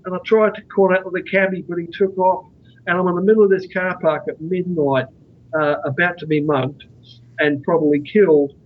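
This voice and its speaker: Brisk and high-pitched, this male guest keeps a fairly even intonation while slight background noise hums underneath. He writes about out-of-body experiences and, interviewed on a podcast, spins a long, earnest, meandering story. The audio has a dull lo-fi quality.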